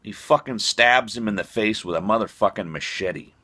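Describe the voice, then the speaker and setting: A man's voice: fairly low pitch, normal speed, bright, forceful tone, husky. A man telling a comic, profane, rambling story full of fillers. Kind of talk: comic monologue.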